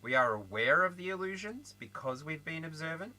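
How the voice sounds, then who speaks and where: Bright, lively Australian man reading tarot. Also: a little high, a little fast, poor audio. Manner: animated, laughs often, chatty asides. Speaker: tarot reader.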